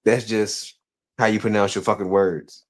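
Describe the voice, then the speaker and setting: A man's voice: fairly low pitch, level tone, moderate pace. A man co-hosting a podcast in heated casual chat, speaking African American English in a profane, blunt way that turns defensive when pushed. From United States. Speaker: podcast co-host.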